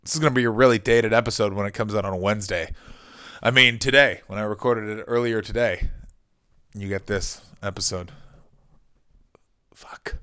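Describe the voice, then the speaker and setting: Loud, profane man ranting. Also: on the low side, a little fast, clear, resonant tone. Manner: loud, excitable, profane, jumps between topics. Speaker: podcast host. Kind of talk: comic rant. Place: hotel room. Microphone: video call microphone.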